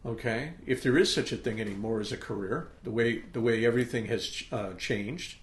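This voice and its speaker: A middle-aged man hosts a podcast and delivers a motivational monologue with emphatic, pep-talk energy, punctuating points with repeated "okay?" checks. His medium-pitched voice runs at normal speed, and the room sounds spacious.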